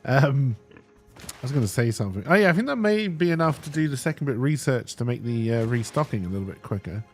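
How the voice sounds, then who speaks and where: A man's voice: mid-range voice, animated, quick pace, soft background music. Man mumbling through gameplay. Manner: mumbling, thinking aloud. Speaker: streamer. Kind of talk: casual gameplay commentary.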